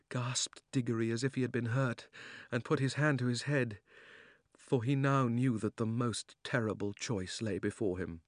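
A man narrating a storybook in a measured reading style. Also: fairly low pitch, no echo, clean studio sound. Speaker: audiobook narrator. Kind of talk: scripted narration.

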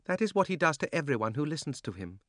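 A man's voice: fairly high pitch, sing-song, quick pace, a bit bright, dry recording, studio quality, voice pushed up. A man reading an audiobook, voicing a cold, cunning sorceress who coaxes and scorns, her voice sometimes sinking to a whisper. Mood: scornful. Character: cold tempting sorceress queen, fierce and cunning.

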